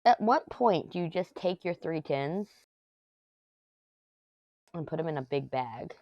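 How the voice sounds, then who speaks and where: A woman's voice: deep voice, expressive, measured pace, no echo, dull audio. A middle-aged woman, chatting and telling rambling family stories while she works on a craft at home. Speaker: craft vlogger. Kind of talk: casual chat while crafting.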